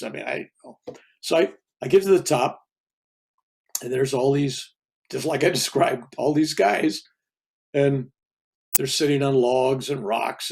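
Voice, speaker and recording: This older man, a reverend, has a gravelly, medium-pitched voice with a breathy edge. He spins a spiritual tale in a loose, conversational way, wandering off into asides and starting sentences over.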